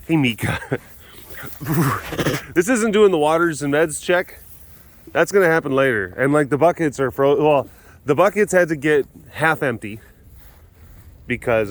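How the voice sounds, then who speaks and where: A man's voice: mid-range voice, a little hiss or hum. A man working as an animal caretaker, chatting casually as he walks the rounds outdoors and laughing often. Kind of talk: casual vlog walkthrough. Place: outdoor animal facility in winter.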